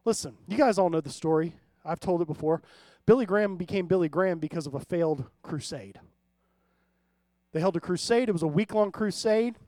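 Speaking a little fast, this high-voiced pastor preaches conversationally, pausing frequently to engage listeners and weaving in humorous anecdotes. The audio is close-miked and dry.

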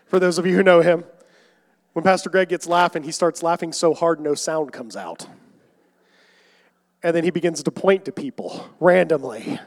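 Young preacher in a reverberant church. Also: male voice, fairly high pitch, moderate pace, long pauses. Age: young adult. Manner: dynamic preaching, swinging from loud emphatic calls to quiet asides. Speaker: pastor. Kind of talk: sermon. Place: church sanctuary. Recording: long hall reverb.

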